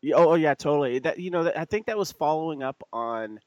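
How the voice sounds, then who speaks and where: A man's voice: a little high, expressive, fast talker, no echo, lo-fi sound. A man hosting a podcast from the United States, rambling and laughing easily as he chats. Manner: rambling, laughs easily, many fillers and restarts. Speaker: podcast host. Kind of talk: casual chat.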